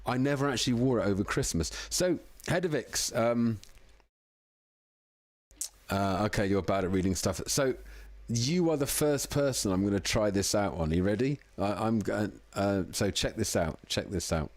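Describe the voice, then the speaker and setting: A man's voice: fairly low pitch, animated, normal speed, dry recording. A man hosting a casual live music-making stream from home, chatty and self-deprecating, a little tipsy. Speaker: livestream music producer host. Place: home room in the evening.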